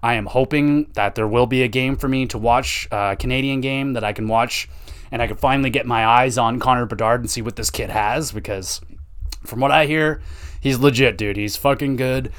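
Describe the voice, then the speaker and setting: Young male solo podcast host, mid-pitched, swears constantly, rambles excitedly. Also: moderate pace, clear, resonant tone. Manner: profane, rambling and excitable, with lots of slang filler. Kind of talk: casual solo podcast rant.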